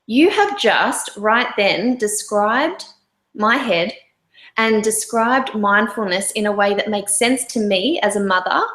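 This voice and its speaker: A woman's voice: mid-range voice, a bit bright. Enthusiastic woman host in an echoey room. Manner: enthusiastic, emotional, chatty with audience. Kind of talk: casual webinar chat. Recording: roomy echo.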